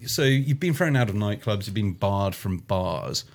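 A man's voice: on the low side, animated, measured pace, vocal fry. A man guesting on a casual podcast, telling a story with wry, self-mocking humor. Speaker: podcast guest, adventure trip organizer.

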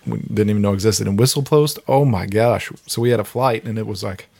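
Gravelly-voiced man chatting about beer. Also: lowish voice, a little mellow. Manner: laughs often, quick asides. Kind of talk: casual beer-tasting chat.

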